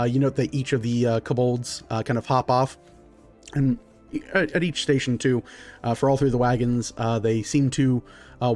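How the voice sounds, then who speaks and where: A man as game master, narrating a tabletop game in a relaxed way with many fillers. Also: medium pitch.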